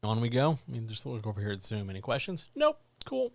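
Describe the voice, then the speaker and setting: A man hosting a live writers' Q&A stream, giving blunt, animated advice in a casual, jokey way. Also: mid-range voice, moderate pace, vocal fry, no room sound.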